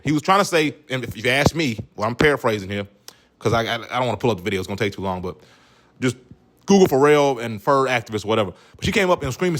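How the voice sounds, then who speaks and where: A man's voice: on the high side, expressive, fast, fairly bright tone. A male comedian giving loose, joking reaction commentary full of slang and asides. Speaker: comedian, video host.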